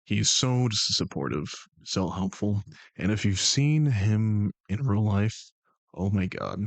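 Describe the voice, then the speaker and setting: A young man hosting a stream, bantering with chat in a joking, sarcastic tone. His voice sits very low with a gravelly fry, and his pace is unhurried. The sound is dry and close. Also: lively intonation, no echo. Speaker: streamer and game master.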